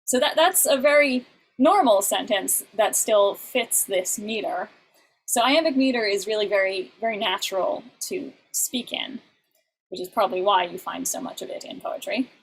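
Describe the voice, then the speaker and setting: A woman teaching an online class, explaining step by step with patient pauses and frequent "uh" fillers, on a video call. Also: medium pitch, gravelly, slight background noise, poor audio.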